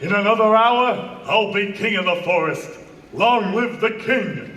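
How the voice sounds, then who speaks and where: A man playing a boastful cowardly lion in a live stage musical, singing in a grand, drawn-out style. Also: sits high, animated. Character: boastful cowardly male lion dreaming of kingship. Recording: roomy live stage recording with loud music.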